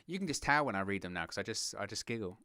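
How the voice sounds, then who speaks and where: A young man from southern England with a southern English accent, hosting a wrestling watch-along with excitable play-by-play commentary. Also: lowish voice, rapid-fire, clean tone, no room sound, studio quality. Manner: excitable play-by-play, giggles at puns, reads chat.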